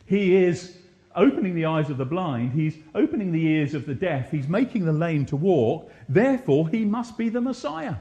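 A man preaching a sermon to a congregation, animated, with rhetorical repetition and frequent questions to his listeners. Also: fairly high pitch, moderate pace, highs cut off. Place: church.

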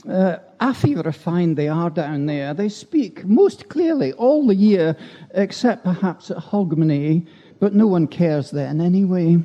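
A man's voice: high voice, lively intonation, unhurried, dark tone. A man at a church gathering, reciting a humorous rhyming poem with chatty, self-deprecating asides between verses. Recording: dull lo-fi recording.

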